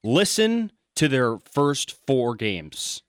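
A man co-hosting sports radio who talks at an even, steady pace and keeps chiming in to agree. His voice sits in a middle range and comes across dry and close in a studio. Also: mid-range voice, extremely slow, smooth, dry recording. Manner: steady, interjects short agreements. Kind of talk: casual sports radio chat.

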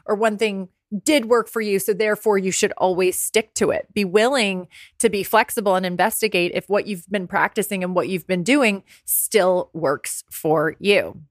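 A woman's voice: mid-range voice, normal speed, dry recording. Woman in her forties, bone-dry podcast voice. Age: 40s. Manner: candid and conversational, swears freely. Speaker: podcast host. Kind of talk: casual solo podcast talk. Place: apartment by the ocean.

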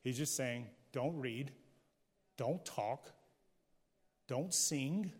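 A man's voice: medium pitch, very slow, husky. Candid man preaching in a reverberant hall. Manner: candid, conversational, jokes with the audience. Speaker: pastor. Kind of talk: sermon. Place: church hall, before a live audience.

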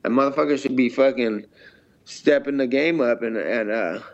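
A man's voice: mid-range voice, moderate pace. A man being interviewed as a fighter, talking bluntly and swearing a lot, often acting out things he said before. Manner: blunt, heavily profane, acts out his own past remarks. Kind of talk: casual interview talk. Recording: dull lo-fi sound.

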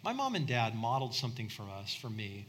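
Man, middle-aged, pastor, sermon, bright tone, conversational, impassioned. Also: mid-range voice, wildly swooping pitch, brisk, a little hiss or hum. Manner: conversational, repeats words, rises to impassioned peaks.

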